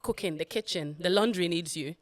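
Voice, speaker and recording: A woman's voice: lowish voice, a little fast, no echo. A woman co-hosting a podcast, affirming and telling stories in a casual, heartfelt chat. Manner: warm, affirming, storytelling. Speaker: podcast co-host.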